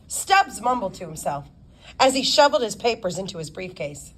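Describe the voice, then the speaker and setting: A woman narrating a novel as an audiobook, with expressive storytelling. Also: on the low side, moderate pace, breathy edge. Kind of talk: scripted narration.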